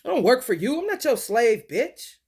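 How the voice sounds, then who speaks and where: A woman in a profane, confrontational spiritual monologue, swinging between low mutters and loud outbursts. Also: big pitch swings, normal speed, slight background noise. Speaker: vlogger.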